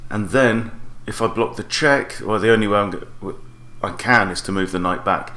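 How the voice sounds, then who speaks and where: A man's voice: on the low side, moderate pace, reverberant. A man coaching chess, thinking aloud as he plays and weighing each move, often stopping to correct himself. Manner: analytical, weighs moves out loud, self-correcting. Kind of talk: thinking aloud while playing a chess game.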